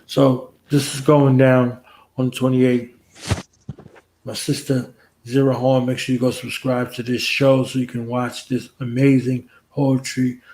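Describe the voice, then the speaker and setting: A man's voice: medium pitch, a little mellow, poor audio. A man hosting a casual late-night livestream chat, joking around in a playful, laid-back way. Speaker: host.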